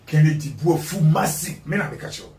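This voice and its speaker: A man's voice: on the high side, lively intonation, quick pace, darkish tone, reverberant. A Ghanaian man giving an interview as a guest, emphatic and repeating words for stress. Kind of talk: animated interview talk mixing Twi and English.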